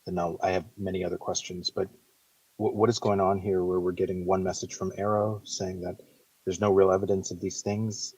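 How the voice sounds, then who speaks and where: A very deep man with a flat, husky voice asks his question eagerly and trips over his words. He sounds set back from the mic, with a dry sound. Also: fairly quick, no echo, recorded from a distance, highs cut off. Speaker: audience member asking a question. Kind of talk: casual question in a live audio chat room.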